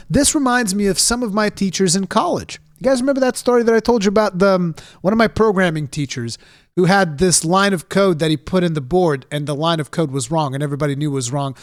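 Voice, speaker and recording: A man giving a ranting reaction commentary, sarcastic, exasperated and full of profanity. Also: high voice. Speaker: reaction streamer.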